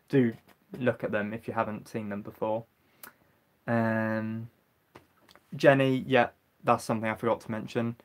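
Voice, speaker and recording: Young English guy, livestream host, mid-pitched, chatty and halting, lots of ums while reading viewer comments. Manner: rambling, hesitant, many ums. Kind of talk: casual live chat answering viewer comments.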